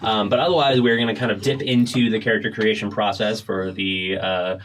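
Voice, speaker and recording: A man's voice: lowish voice, fairly even intonation, fairly quick, a bit bright, a little hiss or hum. A man acting as game master in a casual tabletop world-building session, thinking aloud with many fillers and restarts. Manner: rambling, hesitant, many fillers.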